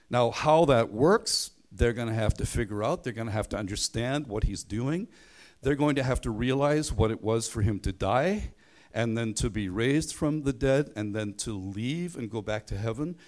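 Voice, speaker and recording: A man's voice: medium pitch, a little mellow. A man preaching a sermon in a conversational way, leaning hard on key phrases and stumbling over the odd restart.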